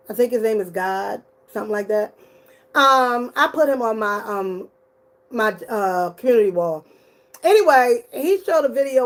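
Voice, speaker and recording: A middle-aged woman giving casual, blunt and profane commentary as a YouTuber. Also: fairly high pitch.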